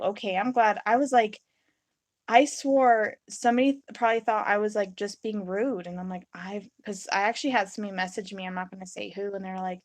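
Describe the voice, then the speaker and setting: A young woman live-streams her resin crafting, chatting casually and rambling in a brisk, medium-pitched voice with fairly even intonation and no echo. She reads and answers viewers' comments and acts out her own reactions in little quotes.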